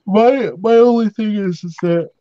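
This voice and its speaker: A man's voice: sits high, a little slow, dark tone, dry recording. A man chatting casually with blunt enthusiasm and a casual curse now and then. The sound is dry and muffled. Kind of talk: casual chat.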